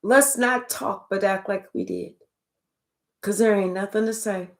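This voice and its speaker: A woman's voice: medium pitch, a little slow. A woman giving a tarot reading, talking in a blunt, profane and emphatic way, full of rhetorical questions. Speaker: tarot reader. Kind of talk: spiritual reading monologue.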